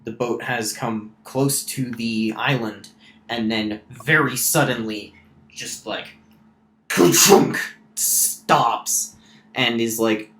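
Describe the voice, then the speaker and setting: A man's voice: medium pitch, steady tone, takes it slowly, pushed and bright. A man narrating a tabletop game as game master, casual and full of fillers. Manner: casual, many fillers and restarts. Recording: roomy echo.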